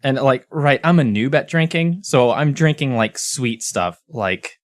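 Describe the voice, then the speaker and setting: A man hosting a podcast, telling a story in a casual, animated, rambling way with lots of filler words. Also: medium pitch, unhurried, no echo, clean studio sound. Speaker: podcast host.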